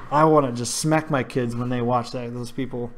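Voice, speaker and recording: A man hosts a relaxed chat and rambles on in loose slang, often calling his co-host dude. His pitch is middling for a man, and he sounds easygoing and conversational. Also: normal speed, a little hiss or hum. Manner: chatty, slangy, says dude a lot. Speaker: podcast host. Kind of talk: casual chat.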